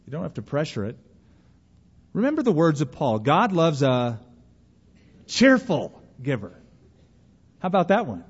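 A man's voice: fairly high pitch, huge pitch swings, unhurried, pauses often, slightly rough. A man preaching a sermon in a folksy manner, acting out the voices of the people he quotes. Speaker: pastor. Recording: dull, long church reverb.

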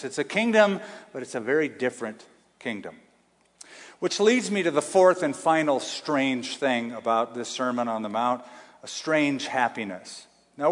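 A man's voice: fairly high pitch, a bit bright. Man preaching in a reverberant church hall. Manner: emphatic preaching, slows for stress, asks congregation to answer. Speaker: pastor. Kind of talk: sermon.

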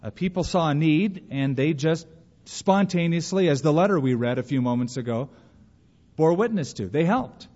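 Man, pastor, sermon, folksy, slightly high voice, long church reverb, dull sound. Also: lively intonation, moderate pace, darkish tone. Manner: folksy, plays out quoted voices.

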